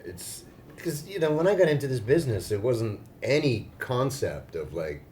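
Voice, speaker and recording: A man from Australia, a voice actor being interviewed at a fan convention, telling stories in a playful, joking way with deadpan dark humor. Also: medium pitch, moderate pace, slight background noise. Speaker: voice actor guest.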